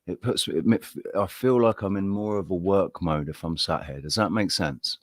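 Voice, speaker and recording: A man's voice: low voice, moderate pace, no room sound, clean studio sound. A man hosting a casual live stream, chatting in a rambling, friendly way and greeting viewers by name. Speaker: livestream host.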